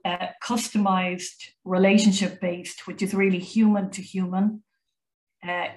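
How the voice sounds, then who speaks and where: A woman's voice: fairly low pitch, reverberant, poor audio. A woman, a college founder chatting as an interview guest, talkative with many fillers and restarts. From Ireland. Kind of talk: conversational interview.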